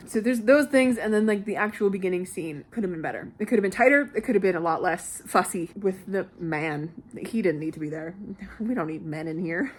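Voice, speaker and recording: A Canadian woman, an author and book vlogger, talking in a chatty, animated way and swearing casually. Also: lowish voice, fairly quick, slight background noise. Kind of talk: casual vlog talk.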